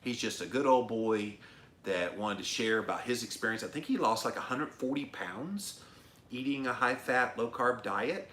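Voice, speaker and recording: A middle-aged man hosts a live-stream show, casually and emphatically reading viewer comments aloud. His mid-range voice is fairly bright with lively intonation at normal speed, recorded in an echoey room with slight background noise.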